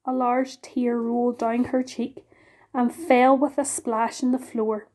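A woman reading a children's book aloud in a gentle, unhurried way. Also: high voice, steady tone. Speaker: storyteller.

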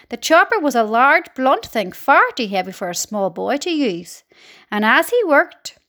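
A woman reading a children's storybook aloud in an expressive, dramatic way. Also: fairly high pitch.

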